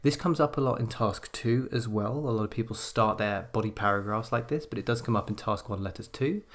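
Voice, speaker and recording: A man giving a recorded English grammar lesson, explaining clearly and slowing down when he reads example sentences aloud. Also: fairly low pitch. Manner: explanatory, measured, slows down to read example sentences. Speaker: English exam teacher. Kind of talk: scripted video lesson.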